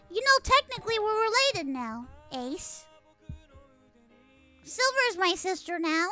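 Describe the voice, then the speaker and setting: Young woman streamer, very high, lively voice with big swings, unhurried between shrieks, faint music underneath. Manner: hyper, squealing, swears a lot, playful outbursts. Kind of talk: casual live-stream chat.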